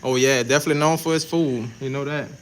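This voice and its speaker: Greeting his chat with relaxed slang, a man with a New Orleans accent livestreams from his tattoo shop while he works. His mid-range voice holds a steady tone at a quick pace. There's slight background noise, and the audio is poor.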